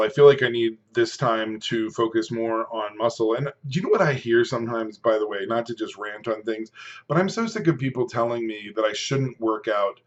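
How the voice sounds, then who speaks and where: Here the same kind of scene: a man in his fifties who vlogs about food and fitness, eating and chatting loosely to camera with pauses to chew. His pitch is medium and the audio is dull.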